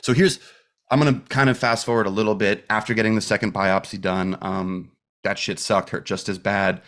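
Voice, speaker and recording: A man's voice: fairly low pitch, normal speed. A man guest on a podcast, candidly and emotionally telling a personal story in casual chat, swearing often and acting out what others said. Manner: emotional, profane, animated retelling with acted quotes.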